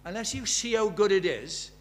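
A man delivers a church sermon with emphasis, posing rhetorical questions and shifting between loud and quiet. His voice sits high, his intonation is lively, and his pace is moderate.

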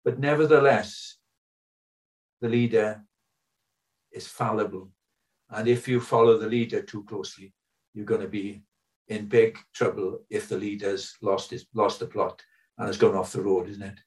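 A man's voice: on the low side, fairly even intonation, normal speed, long pauses, distant mic, rough recording. An older man preaching a sermon, earnest and full of rhetorical questions.

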